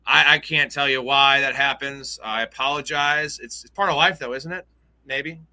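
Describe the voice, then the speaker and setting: Bright-voiced man hosting a live stream. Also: mid-range voice, fairly even intonation, normal speed. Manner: loose, joking, rambling banter. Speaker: host. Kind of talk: casual live-stream chat.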